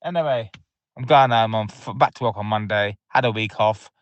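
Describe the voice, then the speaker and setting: A man's voice: on the low side, normal speed, no room sound, lo-fi sound. A man leaving an angry voicemail to a football podcast, ranting and swearing, fuming. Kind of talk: angry fan voicemail rant.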